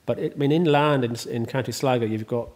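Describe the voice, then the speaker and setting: A man's voice: medium pitch, quick pace, darkish tone, slight background noise. A man, the host, talking casually in an interview, rambling and chatty with many ums and restarts. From Ireland. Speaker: host and estate owner.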